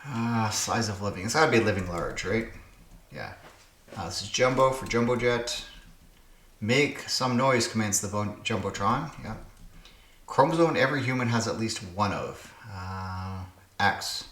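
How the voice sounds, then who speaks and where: A man with a low voice thinks aloud at a slow, unhurried pace while solving puzzles. His muttered commentary sounds like it comes from an echoey room. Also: lively intonation, fairly bright tone, slight background noise. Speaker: puzzle game channel host.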